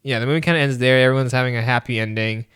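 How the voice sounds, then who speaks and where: A man co-hosting a casual podcast chat about a movie. He retells scenes with animated energy, jumping up in pitch to act out characters' lines and laughing often. His voice sits at an ordinary middle pitch. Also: racing, smooth. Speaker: podcast co-host.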